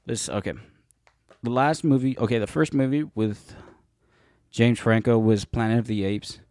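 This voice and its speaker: A man's voice: medium pitch, fairly even intonation, normal speed, a little mellow, dry recording, studio quality. A young man co-hosting a casual movie podcast, rambling and often correcting himself when he loses a name. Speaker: podcast co-host.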